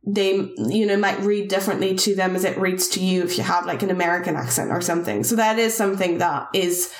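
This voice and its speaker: A woman's voice: on the low side, quick pace. Woman, thirties, non-native English accent, podcast co-host, rambling casual talk, roomy echo. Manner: rambling, many fillers and restarts. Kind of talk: casual chat.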